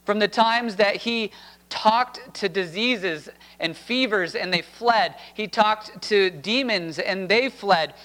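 Male pastor, higher voice, unhurried deliberate preaching delivery. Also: bright, forceful tone, rough recording. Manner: slow, deliberate preaching cadence. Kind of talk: sermon with scripture reading.

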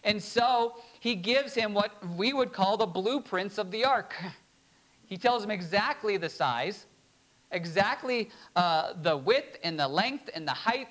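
A pastor preaching a sermon, reading scripture slowly and emphatically, with short laughs between points. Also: male voice, sits high, fairly bright tone, low-quality recording.

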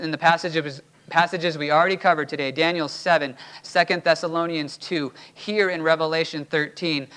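High-voiced emphatic male pastor. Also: a bit bright. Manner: emphatic, rising to urgent exhortation. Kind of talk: sermon. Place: church.

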